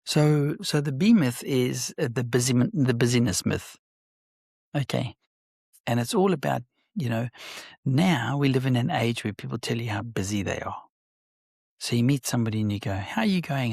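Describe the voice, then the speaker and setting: A man, a business owner and guest on an interview podcast, telling stories in an animated way and acting out quoted dialogue. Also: medium pitch, moderate pace, gravelly, husky, no room sound, studio quality. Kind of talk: conversational interview.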